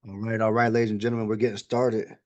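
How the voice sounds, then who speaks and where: A man presenting a live online webinar, pitching an opportunity in fast, hype-driven salesman patter, often calling out to the audience. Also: level tone, lo-fi sound. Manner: repeats "ladies and gentlemen" and "all right".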